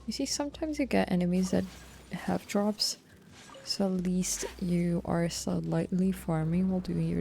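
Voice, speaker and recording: A woman streamer chats over her gameplay in a lowish, gravelly voice. She thinks out loud in a relaxed, offhand way, swearing now and then. Her tone is dark and mellow. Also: a little slow, slight background noise. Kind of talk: live-stream gameplay commentary.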